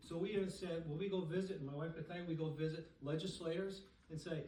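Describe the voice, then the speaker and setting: Speaking quickly and barely pausing, an older or middle-aged man with a rather high voice addresses a dinner crowd in a banquet hall, animatedly quizzing them. The room echoes, he stands a long way from the microphone, and a gentle hiss lingers in the background.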